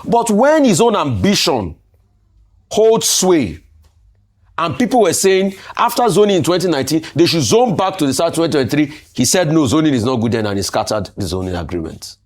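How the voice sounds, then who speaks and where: A man's voice: on the high side, sing-song, moderate pace. A man with a Nigerian accent, arguing emphatically as a political commentator on a studio talk show. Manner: emphatic, argumentative, rhetorical questions.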